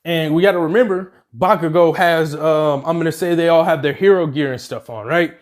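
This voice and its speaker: A man's voice: a little high, brisk. A man casually narrating a made-up fan story, rambling along with plenty of fillers and self-corrections.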